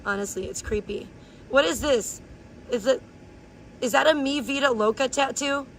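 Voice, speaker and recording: A woman live streamer ranting in blunt, crude, gossipy chat and sometimes breaking into high playful chants. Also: moderate pace, a little hiss or hum. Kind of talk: casual IRL livestream chat.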